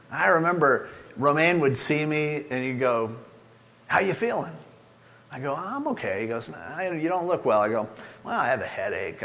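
A man's voice: medium pitch, a bit bright. A man preaching a sermon as pastor, earnest and conversational, often acting out prayers and quotes. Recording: long reverb of a large hall.

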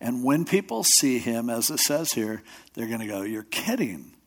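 At a normal speed, with lively intonation and medium pitch, a pastor who hosts a radio show preaches a sermon as if chatting. He tells stories, performs quotes in other voices, and wanders loosely with restarts and asides.

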